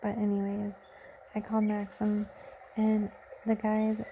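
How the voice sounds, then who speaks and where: A woman's voice: medium pitch, monotone, unhurried, warm tone, a little hiss or hum. A young woman chatting tiredly and rambling through a late-night vlog as a mother. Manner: rambling, self-interrupting, chatty. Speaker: vlogger.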